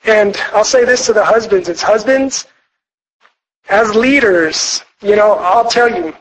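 A man's voice: high voice, unhurried, slight background noise, rough recording. A young man giving an earnest, rambling personal testimony to a church retreat audience, full of fillers and restarts. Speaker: speaker sharing his testimony at a marriage retreat.

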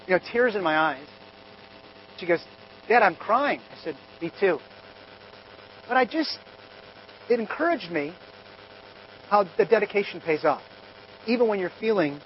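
A high-voiced man in his forties delivers a sermon, weaving personal family stories into scripture. He drops to near-murmurs, then rises to loud, emphatic passages. The recording is slightly dull, with a faint hum underneath. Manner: personal storytelling, swings from soft to loud and emphatic. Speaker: pastor.

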